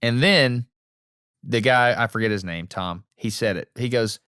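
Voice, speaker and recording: A man co-hosting a podcast in casual chat, telling stories with animated delivery and acting out lines he overheard. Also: mid-range voice, unhurried, clear, resonant tone, no echo, clean studio sound. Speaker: podcast co-host.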